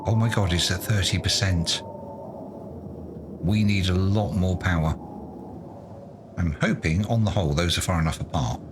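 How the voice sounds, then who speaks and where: A man's voice: low-pitched, moderate pace, long pauses, noisy background. A man doing let's play commentary, muttering to himself in a self-mocking, exasperated way. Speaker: gaming YouTuber.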